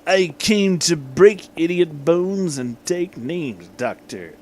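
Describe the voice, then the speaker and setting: A man's voice: a little high, expressive, slow pace, a little mellow, a little hiss or hum. A man voicing a brash, blustering young thug who drawls out his threats in a swaggering way.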